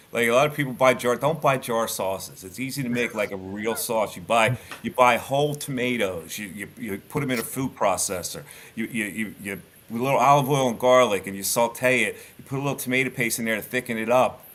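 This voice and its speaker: Man, former radio host, animated, blunt, bright tone, middle pitch. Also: fairly quick, hardly any pauses. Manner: animated storyteller, blunt, lots of restarts. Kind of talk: casual podcast chat.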